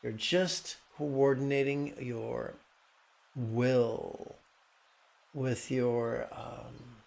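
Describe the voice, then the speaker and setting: A man giving a calm, explanatory meditation talk as teacher, often restarting his sentences. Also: mid-range voice, drawn-out words, vocal fry.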